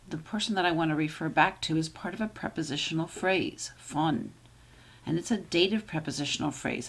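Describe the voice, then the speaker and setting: Low husky lady teacher going through german grammar step by step, keeps asking okay?. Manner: patient, checks in with "okay?"; slows down to model German sentences. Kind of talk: explaining grammar with examples.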